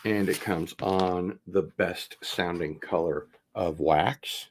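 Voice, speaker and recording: This man's voice is low and steady, with a little hiss or hum in the recording. He hosts a casual livestream unboxing vinyl records, talking things over in a rambling, drawn-out way as he opens packages and wanders off on tangents.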